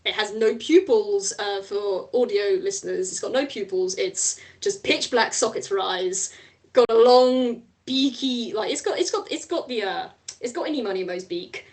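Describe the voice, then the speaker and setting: A woman narrating as game master of a tabletop game, lively and often laughing. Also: mid-range voice, measured pace.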